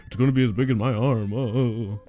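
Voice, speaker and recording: A man's voice: on the low side, normal speed, warm tone, lightly acted. A man voicing a stubborn middle-aged female pet store clerk who insists on the same warning over and over in a raised, nagging tone. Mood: insistent nagging. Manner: nagging and repetitive.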